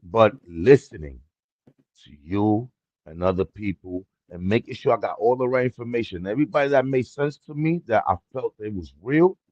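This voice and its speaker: A man chatting as a guest on a livestream, slangy and animated, telling stories and acting out dialogue. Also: fairly low pitch, normal speed, dry recording, dull audio. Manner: excited storyteller, slangy, acts out dialogue. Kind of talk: casual livestream chat.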